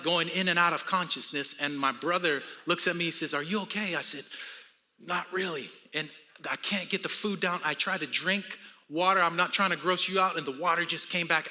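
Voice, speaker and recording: Man, 50s, pastor; high, very bright, forceful preaching voice with a storytelling streak. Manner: storytelling with humor, preaching to a congregation. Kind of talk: sermon.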